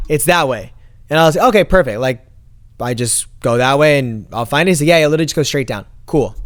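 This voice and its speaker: A young man vlogging an animated story to camera and acting out the quoted lines. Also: fairly high pitch, dry recording, clean studio sound. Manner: animated, acts out quoted dialogue.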